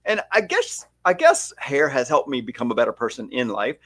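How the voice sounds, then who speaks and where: A man's voice: mid-range voice, a little fast. A man who owns a salon, talking in a casual, emphatic podcast chat with a stylist colleague. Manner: animated, emphatic storyteller. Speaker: salon owner and stylist educator.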